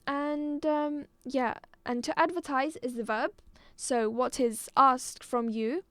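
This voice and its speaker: A woman teaching a live online exam-prep lesson, patient, repeating words slowly and clearly. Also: high-pitched, steady tone, no echo. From Algeria.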